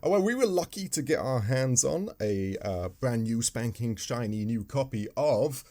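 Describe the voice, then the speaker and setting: A man's voice: mid-range voice, animated, normal speed, warm tone. A man co-hosting a podcast, chatting casually and agreeably, often trailing off mid-sentence. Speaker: podcast co-host.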